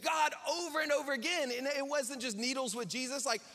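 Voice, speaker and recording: Guy preaching, high bright voice, chatty and jokey, big echoey hall. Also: fairly quick. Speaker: pastor. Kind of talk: sermon.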